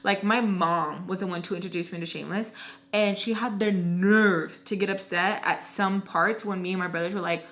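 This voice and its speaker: A woman's voice: medium pitch, fairly even intonation, moderate pace, a bit bright. A young woman in her twenties telling a storytime vlog, chatty and slangy, filling her talk with "like". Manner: chatty, slangy, heavy use of "like". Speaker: vlogger.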